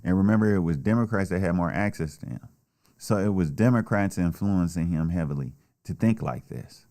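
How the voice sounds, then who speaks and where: A political commentator launches into a blunt, heated solo rant, swearing constantly. His voice is low and warm, and he talks a little fast.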